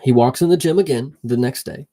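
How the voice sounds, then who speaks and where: A young man co-hosting a podcast, recapping a series in casual talk, animated and profane, acting out scenes in quick put-on voices. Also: mid-range voice. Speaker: podcast co-host. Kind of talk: casual show recap chat.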